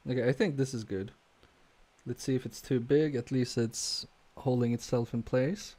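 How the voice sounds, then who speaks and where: Working on electronics during a live stream, a man mutters to himself with quiet focus, speaking a little slowly at medium pitch with fairly even intonation. His self-questioning commentary is hesitant, full of fillers, with sentences that trail away.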